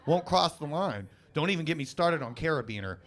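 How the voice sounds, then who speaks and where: Young man doing deadpan stand-up. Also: fairly high pitch. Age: 20s. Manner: deadpan, self-mocking, quick asides to the crowd. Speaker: comedy show host. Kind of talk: live stand-up crowd work. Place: comedy club stage.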